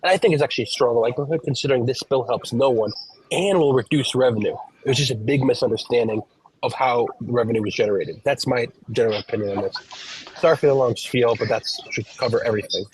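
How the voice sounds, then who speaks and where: A man's voice: mid-range voice, quick pace, husky, rough recording. A man co-hosting a podcast, explaining a topic at length in casual chat, walking through examples and often restarting his sentences. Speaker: podcast co-host, professional gambler.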